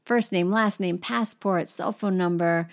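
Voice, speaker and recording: A woman teaching French to English speakers, in a brisk and reassuring way, pronouncing sample French words with an exaggerated accent. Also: lowish voice. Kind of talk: instructional course overview. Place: lives in Paris.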